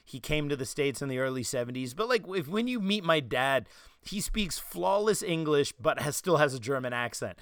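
New York guy, podcast host, animated storyteller, a bit higher voice, dry studio sound. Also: normal speed, smooth, dry recording. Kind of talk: casual chat.

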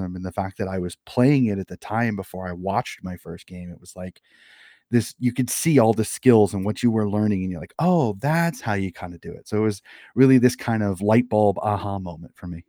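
A man in his thirties speaks in a fairly low voice. He answers earnestly and often restarts his sentences. The sound is close and dry, with no room around it. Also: fairly quick, dark tone, no room sound. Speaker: head coach of an amateur Australian rules football club. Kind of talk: casual interview answers.

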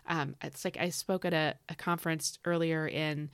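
Young woman, podcast Bible teacher, eager and fired up, low-ish voice, dry close mic. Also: steady tone, moderate pace, fairly bright tone, clean tone, dry recording. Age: young adult. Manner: enthusiastic, building to fired-up preaching bursts. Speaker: podcast host teaching scripture. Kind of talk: devotional teaching.

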